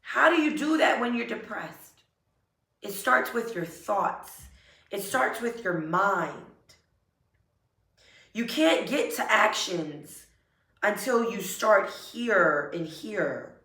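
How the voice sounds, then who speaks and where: A woman giving an earnest, emotional motivational talk, repeating affirmations slowly. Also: mid-range voice, animated, a bit bright. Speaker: self-help vlogger. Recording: roomy echo, a bit far from mic.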